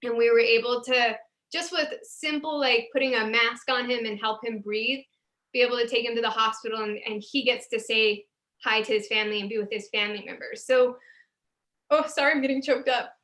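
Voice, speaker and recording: During a video-call CPR class, a woman who supervises paramedics shares sincere stories from the job, emotional and full of restarts. She speaks briskly in a slightly high, steady voice with a bit of brightness.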